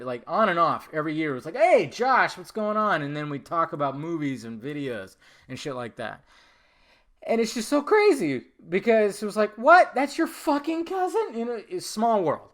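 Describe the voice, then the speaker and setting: Bright-voiced man telling a rambling story. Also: a little high. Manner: rambling and animated, swears often, acts out quoted dialogue. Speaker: podcast host. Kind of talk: casual storytelling monologue.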